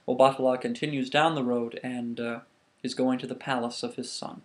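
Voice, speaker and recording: A man casually telling a myth to the camera, animated, with frequent restarts. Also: medium pitch, brisk. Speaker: vlogger. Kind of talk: casual storytelling.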